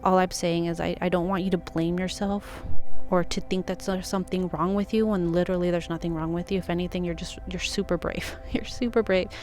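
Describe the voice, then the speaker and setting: A woman's voice: on the low side, level tone, fairly quick, darkish tone. A woman talking straight to camera with earnest, encouraging life advice, full of casual fillers, over faint background music. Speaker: intuitive advice vlogger. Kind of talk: casual heartfelt advice monologue.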